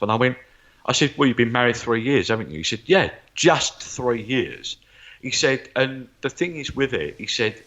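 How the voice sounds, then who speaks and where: The dull-sounding audio captures a man whose voice is on the low side and a bit bright. As a guest psychic medium in an interview, he tells stories with animation and imitates the voices of those he quotes.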